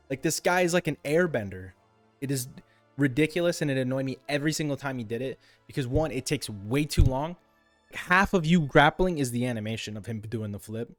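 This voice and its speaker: A young man talks through a game review in a loose, rambling way, swinging into exasperated rants. His voice sits at an ordinary middle pitch. Faint music plays underneath. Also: expressive, fairly quick. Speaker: gaming video creator. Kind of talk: casual game review monologue.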